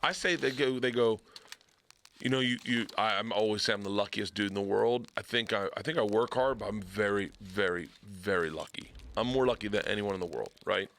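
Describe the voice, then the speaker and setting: A man's voice: fairly low pitch, a little fast, vocal fry, fairly bright tone. A middle-aged man telling a story in a casual podcast chat, swearing freely and acting out the quotes. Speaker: comedian podcast guest.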